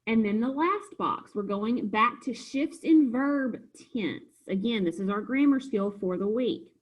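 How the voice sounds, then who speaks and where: A woman's voice: a little high, lively intonation, a little slow, low-quality recording. A woman teacher patiently walking students through a homework review, step by step. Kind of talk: recorded homework review lesson.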